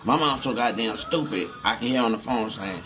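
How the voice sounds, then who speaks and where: A man's voice: medium pitch, a little fast, pushed and bright, dull audio, soft background music. A man rambling and cursing as he comments on a game he is playing, often repeating himself. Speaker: gamer.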